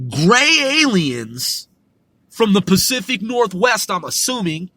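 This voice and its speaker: A man with a high, bright and somewhat tense voice tells a story on his podcast. He rambles, swears freely and restarts his sentences often. The sound is dry and close, with no room around it. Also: no room sound. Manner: rambling, profane, many restarts. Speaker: podcast host.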